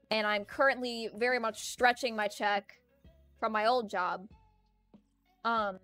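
Streaming a video game, this young woman chats and rambles with frequent laughter. Her pitch is medium and her tone fairly bright.

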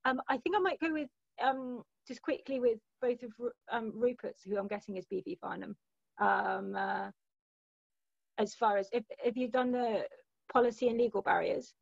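A woman with a gravelly voice talks through policy questions on a video call, pausing with frequent fillers. The sound is dry and dull, like computer-mic audio. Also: a little high, no room sound. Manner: hesitant, many fillers. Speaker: speaker answering questions on a webinar. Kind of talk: casual explanatory talk.

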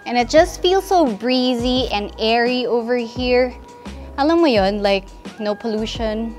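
Filipino lady doing a house tour vlog, bit high voice, playful and chatty, walking through rooms. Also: animated, a little slow, a little mellow, soft background music. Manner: chatty and playful, joking with viewers, mixing in Tagalog. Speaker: real estate house tour host. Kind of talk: casual walkthrough tour. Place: inside a large house, walking room to room.

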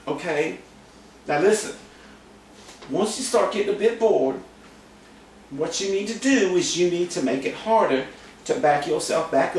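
A man's voice: a little high, a little hiss or hum. Goofy man teaching drums in echoey room. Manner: goofy, repetitive, mock-boastful. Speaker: drum teacher. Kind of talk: comedic casual drum lesson. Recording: very echoey room, camera mic from a distance.

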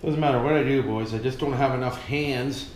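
A Canadian guy vlogs casually while he works, cracking jokes, swearing, and calling his viewers "boys." His voice sits at a medium pitch with fairly even intonation and a slightly quick pace. The echoey room carries a faint hiss or hum.

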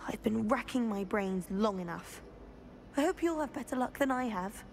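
A chatty schoolgirl, earnest and a little flustered as she puzzles over a mystery. Her voice sits somewhat high, and soft music plays behind her. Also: lively intonation, normal speed, vocal fry. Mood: puzzled. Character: curious, puzzled schoolgirl student.

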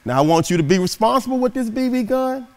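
A man's voice: very high-pitched, animated, quick pace, voice pushed up. A man doing a firm, instructive father.

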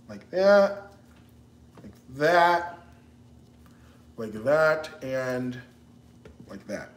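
A man's voice: a little high, very animated, drawn-out words, pauses often, reverberant. A man hosting a casual cooking livestream, chatty and joking, breaking into laughter as he talks. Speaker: cooking show host.

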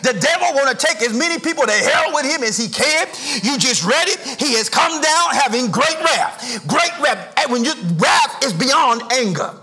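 A middle-aged male pastor, preaching a sermon with sing-song rises and shouted emphasis in a church. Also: extremely high pitch. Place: church sanctuary.

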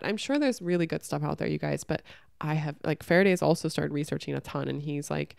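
A young adult woman hosting a podcast, talking candidly and bluntly. She swears freely, says "like" constantly, and tells stories with lively acted-out reactions. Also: sits low, fast, vocal fry, no room sound, clean studio sound. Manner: animated storytelling, acts out her own reactions. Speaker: podcast host. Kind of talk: candid casual chat.

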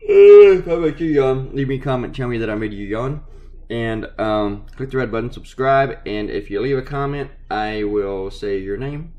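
A man with a fairly low voice rambles casually about his work as a cartoonist, dropping lots of ums and uhs. He sounds a little sleepy and seems to be holding back yawns in the early morning. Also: moderate pace, a little mellow, lo-fi sound. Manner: rambling, chatty, with many fillers. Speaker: cartoonist vlogger. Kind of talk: casual rambling chat while drawing.

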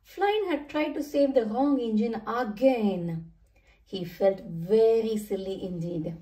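Woman storybook reader, high-ish and animated, heard from a distance in a roomy room. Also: takes it slowly. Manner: animated, sing-song story reading. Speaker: children's book reader. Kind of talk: reading a children's storybook aloud.

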